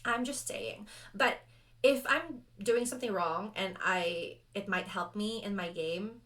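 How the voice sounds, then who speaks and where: A young adult woman chatting casually and rambling through rules as she sets up a solo tabletop roleplaying game, animated and self-deprecating. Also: mid-range voice, measured pace. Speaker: solo roleplayer and video host. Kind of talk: casual actual-play chat.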